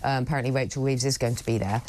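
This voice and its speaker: A woman's voice: a bass voice, fairly even intonation, rapid-fire, darkish tone, a little hiss or hum. A woman co-hosting a talk show, speaking in an indignant, emphatic way. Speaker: co-host. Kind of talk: opinionated studio chat.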